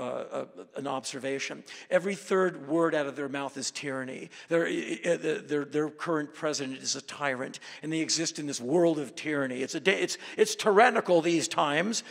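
A man giving a live storytelling talk to an audience as a guest speaker, intense and emphatic, with loud bursts. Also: on the high side, normal speed, creaky, few pauses. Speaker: guest speaker at a university event. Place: auditorium. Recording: reverberant hall.

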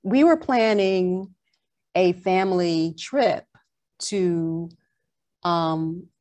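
A woman from Long Island with a New York accent, telling a personal faith story in a casual chat as a podcast co-host, animated and slipping into a New York drawl. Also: fairly low pitch, very slow.

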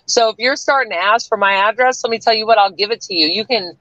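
A woman's voice: a little high, fast, bright, forceful tone, no room sound, dull audio. A woman from the US South with a Canadian-tinged accent, talking bluntly and with plenty of swearing as a guest on a livestream. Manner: blunt, profane, defiant. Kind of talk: livestream chat.

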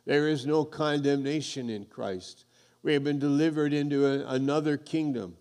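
A male pastor preaching a sermon, reading scripture aloud and building emphatically toward loud high points. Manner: reads scripture aloud to the congregation.

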